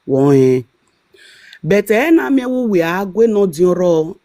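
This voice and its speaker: A woman's voice: lowish voice, sing-song, a little slow, dark tone, dry recording. Nigerian woman, live-stream host, emphatic and rambling, dry close mic. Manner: rambling, emphatic, full of fillers. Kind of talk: casual live-stream commentary.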